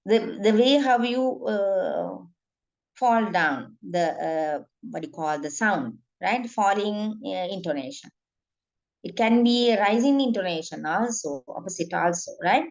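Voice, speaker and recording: A woman's voice: mid-range voice, animated, unhurried, gravelly. Woman lecturing over a muffled call. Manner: frequent fillers and checking questions. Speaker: teacher. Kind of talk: online lecture.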